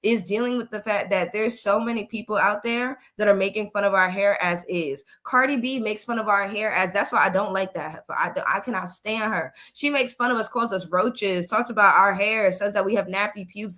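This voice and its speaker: A woman streamer speaks in casual reaction commentary at a middling pitch. She is candid and reflective, circling back to the same points as she weighs what she has watched. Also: moderate pace, hardly any pauses, pushed and bright.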